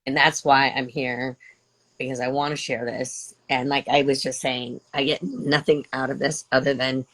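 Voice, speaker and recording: Gravelly older woman gushing on a livestream. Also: very deep voice, little pitch movement, moderate pace. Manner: gushing, emotional, rambling with many restarts. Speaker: livestream host. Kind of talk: emotional live-stream chat.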